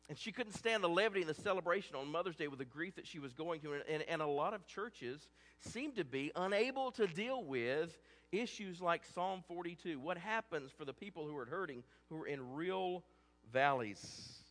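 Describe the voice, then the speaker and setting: A man's voice: fairly high pitch, expressive, moderate pace, fairly bright tone, long reverb tail. A man preaching a sermon as a pastor, earnest and conversational, often restarting his words.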